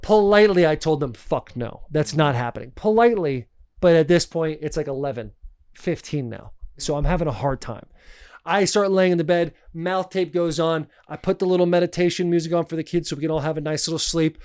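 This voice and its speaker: A man co-hosting a podcast, telling a story in an animated, profane way with frequent laughs. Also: fairly high pitch, fairly quick, clean tone, no room sound, studio quality. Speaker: podcast co-host. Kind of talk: casual storytelling chat.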